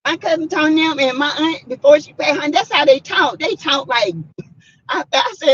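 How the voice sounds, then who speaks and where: Animated Southern woman live-streaming. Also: high-pitched, moderate pace, lo-fi sound. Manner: emphatic, animated storytelling with loud bursts. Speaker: vlogger reading live chat. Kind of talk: casual live-stream chat.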